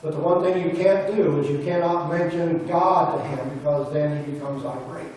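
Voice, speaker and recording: Preacher telling a story in a roomy church. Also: male voice, a little high, a little mellow, a little hiss or hum. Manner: retells a story, quoting the people in it. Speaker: pastor. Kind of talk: sermon storytelling. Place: church sanctuary. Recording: roomy church audio from a distance.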